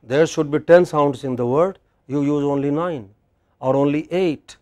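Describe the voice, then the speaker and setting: A man with an Indian English accent and a slightly high, slightly mellow voice teaches pronunciation unhurriedly in a university classroom. He asks his students questions with patience and demonstrates how words sound.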